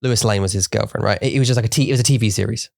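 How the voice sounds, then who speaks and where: A man's voice: on the low side, very fast, gravelly, no echo, clean studio sound. A male podcast co-host, a native English speaker, chatting casually in a rambling, jokey way and slipping in Mandarin words. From English-speaking country. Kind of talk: casual bilingual chat.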